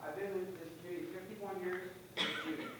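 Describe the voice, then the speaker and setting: A man's voice: high voice, fairly even intonation, a little fast. A man speaking as a resident at public comment in a council meeting, agitated and emotional, restarting his sentences. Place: council chamber. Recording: far-off mic in an echoey chamber, faint noise.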